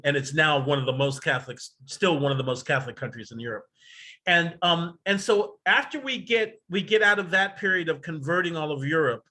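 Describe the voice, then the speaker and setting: A man's voice: fairly high pitch, pushed and bright. A man hosting an astrology workshop over a video call, lecturing casually in a rambling, digressive way with the odd swear word.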